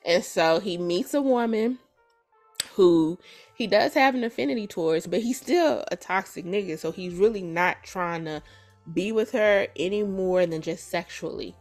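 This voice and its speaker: A woman hosting a podcast who retells a story in a casual, animated and profane way. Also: medium pitch, moderate pace, soft background music. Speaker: podcast host. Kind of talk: casual chat.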